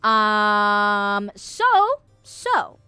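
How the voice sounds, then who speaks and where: A woman's voice: mid-range voice, steady tone, extremely slow, bright, forceful tone, clean tone, no echo, soft background music. A woman streamer chatting casually with her viewers, giggly and rambling, swearing freely and full of fillers. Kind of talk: casual livestream chat. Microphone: streaming mic.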